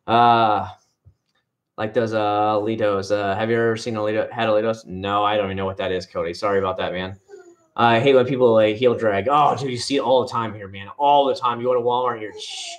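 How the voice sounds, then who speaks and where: A man's voice: fairly low pitch, steady tone, a little fast. A man hosting a casual livestream from home, rambling and answering viewers' comments by name. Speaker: livestream host. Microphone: headset.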